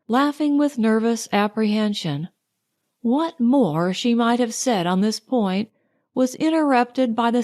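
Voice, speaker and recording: A woman narrating an audiobook, reading in a measured, unhurried way. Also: mid-range voice, a little mellow. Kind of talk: scripted narration.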